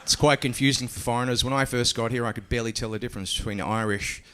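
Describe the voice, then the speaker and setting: A man's voice: medium pitch, steady tone, fast, background noise. A middle-aged Australian man doing a stand-up comedy set on a club stage, dry and profane with hesitant fillers.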